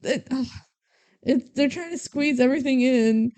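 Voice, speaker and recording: A young woman co-hosting a podcast, recapping a movie in casual chat and playfully mimicking the characters. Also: high voice. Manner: animated retelling, quick mimicking of characters. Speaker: podcast co-host.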